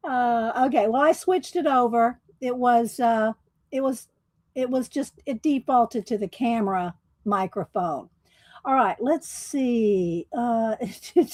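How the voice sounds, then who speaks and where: A woman's voice: on the high side, slow, pauses often, darkish tone, no room sound, rough recording. A woman hosting a casual livestream from home, chatting and laughing often while greeting viewers by name. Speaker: livestream host. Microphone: desktop USB microphone.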